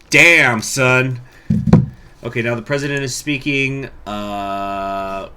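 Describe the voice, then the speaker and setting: A man commentating a strategy game playthrough, chatty and excitable, reading the game's text aloud. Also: mid-range voice, slow, a little hiss or hum. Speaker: gaming channel host. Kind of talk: let's play commentary.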